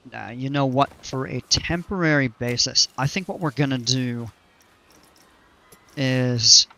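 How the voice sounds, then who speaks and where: Bright-voiced man rambling through game commentary. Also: mid-range voice. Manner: thinking aloud, rambling with fillers and restarts. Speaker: gaming streamer. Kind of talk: casual gameplay commentary.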